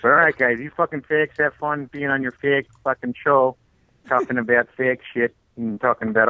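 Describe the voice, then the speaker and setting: A man's voice: medium pitch, little pitch movement, normal speed, no echo. A man calling in to a show, rambling and swearing constantly. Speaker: caller. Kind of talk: profane prank call-in. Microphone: phone. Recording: tinny phone line.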